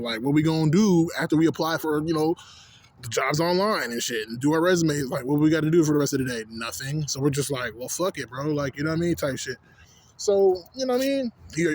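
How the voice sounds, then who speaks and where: Husky young man ranting casually. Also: on the high side. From Canada. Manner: profane, rambling, full of "you know what I'm saying". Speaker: vlogger. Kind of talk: casual rant.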